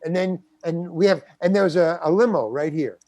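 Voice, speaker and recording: A man's voice: a little high, a little fast, warm tone, dry recording. An older man, a guest actor, telling a story in an interview and acting out the quotes. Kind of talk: anecdotal storytelling.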